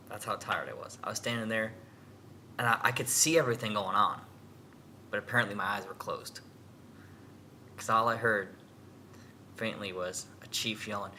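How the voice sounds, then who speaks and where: Very bright young man telling stories. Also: on the low side, a little hiss or hum. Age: young adult. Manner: animated storytelling with quoted voices. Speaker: guest, young sailor. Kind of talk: casual chat.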